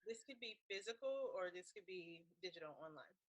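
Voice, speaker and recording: A woman hosting a casual interview, asking light questions with giggly, expressive reactions. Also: lowish voice, brisk.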